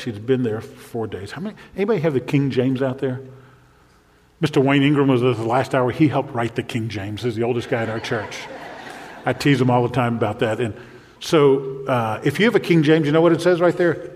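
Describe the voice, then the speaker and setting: An animated male pastor preaching a sermon, his voice set a little high for a man. He swings from hushed, low passages to ringing exclamations. The sound carries a long hall reverb, as in a large church sanctuary. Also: moderate pace.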